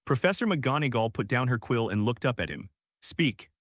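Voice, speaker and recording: A man narrating a fan fiction audiobook at a steady, even pace. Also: mid-range voice, a little fast, no room sound, studio quality.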